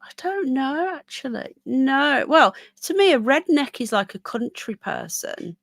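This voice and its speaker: Reading viewer comments aloud during a chatty, rambling live stream, this English woman has a Birmingham accent. Her high voice swings widely in pitch, she takes her time, and the recording is dry.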